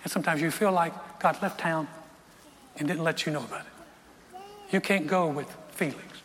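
A man preaching a sermon, his voice strained, speaking emphatically with repeated words and quiet, intense stretches. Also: fairly high pitch, moderate pace, in a large hall.

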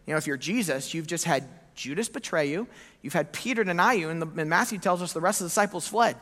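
A man preaching a sermon as pastor, telling the story in an animated way and acting out the quoted lines. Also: a little high, fast. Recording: echoey hall reverb.

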